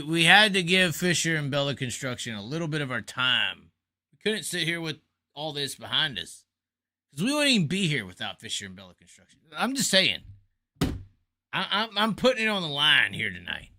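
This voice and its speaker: A man's voice: on the high side, sharp tone, dry recording, clean studio sound. A man hosting a casual livestream, rambling and profane, worn out after hours on air. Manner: rambling, profane, jokey sign-off. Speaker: livestream host. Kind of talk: casual late-night livestream chat.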